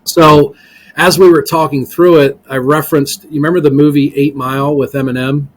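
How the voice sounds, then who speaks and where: Animated storytelling man, lots of ums. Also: fairly high pitch, fairly quick. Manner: animated storyteller, many ums, voices other people in quotes. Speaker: guest, real estate investor. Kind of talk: casual interview talk, acting out sales calls.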